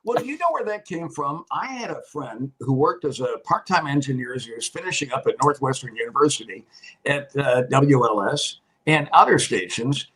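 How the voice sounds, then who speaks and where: A man's voice: mid-range voice, lively intonation, moderate pace, a bit bright, a little hiss or hum, low-quality recording. An older man, a retired TV weatherman, telling long rambling anecdotes in casual chat and laughing often. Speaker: guest, retired TV meteorologist.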